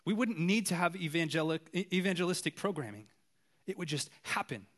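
Lively, casual man preaching. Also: high-pitched, fairly quick. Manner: casual, animated, conversational preaching. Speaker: pastor. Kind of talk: sermon.

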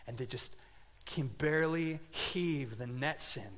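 A man preaching a sermon, telling a story with lively swings from quiet asides to loud emphatic lines. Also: medium pitch, unhurried, in a large hall. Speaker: pastor.

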